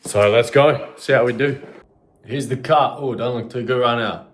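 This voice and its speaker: A man's voice: mid-range voice, normal speed. A young man vlogging casually to camera, blunt and full of swearing, at times out of breath. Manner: blunt and profane, talking to camera. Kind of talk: casual vlog talk.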